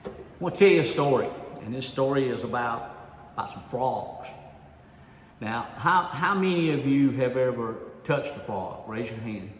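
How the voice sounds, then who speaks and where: Man, lively storyteller, speaker at a conference, engages the audience, echoey hall, long reverb. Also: medium pitch, moderate pace, slight background noise. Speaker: speaker at a volunteer leader conference. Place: large hall.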